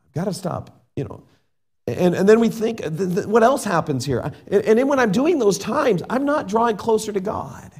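A middle-aged man preaching a sermon and reading scripture in an earnest way. He shifts between loud emphasis and soft asides. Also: high-pitched, expressive, moderate pace, slightly rough. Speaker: pastor.

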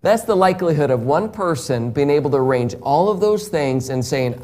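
Male evangelist, one-on-one gospel talk; slow, emphatic delivery with frequent chuckles. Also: a little high, lively intonation, a little mellow.

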